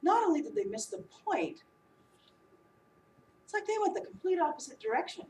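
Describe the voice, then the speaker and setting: A woman preacher giving a sermon, animated and humorous as she acts out the disciples. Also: very high voice, moderate pace, slight background noise. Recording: echoey room, voice from a distance.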